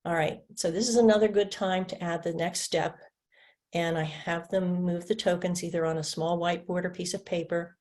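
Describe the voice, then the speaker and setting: A woman's voice: fairly low pitch, steady tone, normal speed, a little mellow. A woman training teachers in a webinar, patiently stretching out and tapping individual speech sounds, sometimes answering as her own student. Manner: plays both teacher and student in demonstrations. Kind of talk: instructional webinar demonstration.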